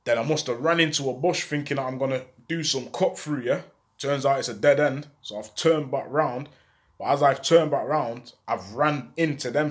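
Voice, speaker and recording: A young man tells a story in casual street slang. He acts out the voices of the people in it. His voice sits at an average pitch for a man.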